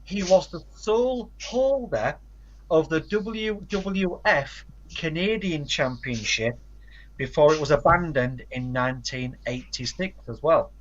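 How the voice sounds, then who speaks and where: Co-hosting a laid-back podcast conversation, this somewhat high-voiced man speaks expressively at a measured pace, reeling off facts and titles with dry asides mixed in. The recording is dull and lo-fi.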